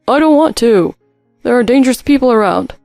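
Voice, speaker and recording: A woman voicing a whiny grown husband who pleads and complains in a high, strained voice. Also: steady tone, normal speed, darkish tone, no echo, soft background music, close to an everyday voice. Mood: whiny pleading. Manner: whining, pleading, high-strung.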